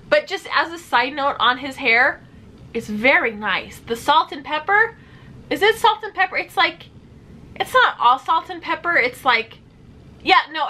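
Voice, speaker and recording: A young woman giving animated, sarcastic reaction commentary as a vlogger. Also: sits high. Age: young adult.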